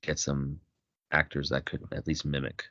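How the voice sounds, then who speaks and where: A man's voice: very deep voice, monotone, moderate pace, sharp tone, dry recording. A man co-hosting a casual podcast who rambles with many fillers. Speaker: podcast co-host. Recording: dry, dull lo-fi mic.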